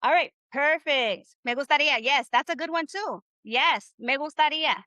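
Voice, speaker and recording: A woman's voice: high voice, moderate pace, sharp tone, no echo, dull audio. A woman teaching Spanish in a live online class, upbeat and encouraging, often checking in with "right?". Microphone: video call.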